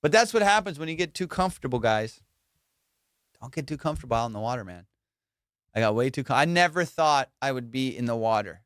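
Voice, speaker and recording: A young man hosting a podcast, telling a story in an animated, casual way, swearing and saying "dude" and "bro" a lot. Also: medium pitch, a little fast, smooth, no echo, studio quality. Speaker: podcast host.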